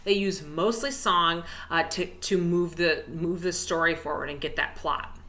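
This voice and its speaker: A woman's voice: lowish voice, steady tone, measured pace, pushed and bright. A young woman teaching an online music lesson to children, chatty and encouraging, with lots of fillers, at her desk. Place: indoors at a desk.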